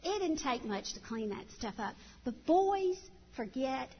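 A middle-aged woman tells folksy, animated stories to a church audience. Her high voice rings with a long hall reverb. The recording sounds dull, with faint ambience behind. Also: measured pace, a little hiss or hum. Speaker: church speaker. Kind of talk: storytelling talk to a church audience.

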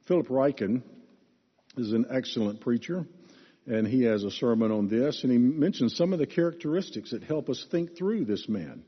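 Lively, breathy preacher in an echoing hall. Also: male voice, mid-range voice. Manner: expressive, emphatic teaching. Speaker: pastor. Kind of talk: sermon. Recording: reverberant hall, dull lo-fi sound.

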